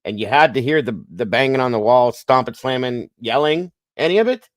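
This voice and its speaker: A man's voice: medium pitch, expressive, fairly quick, no echo. Blunt skeptical man, dry close sound. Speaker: panelist. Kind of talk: casual panel discussion.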